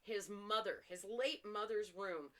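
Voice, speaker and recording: A young woman co-hosting a casual podcast chat, trading dark humor about killers and swearing casually, with lots of fillers. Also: mid-range voice, unhurried. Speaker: podcast co-host.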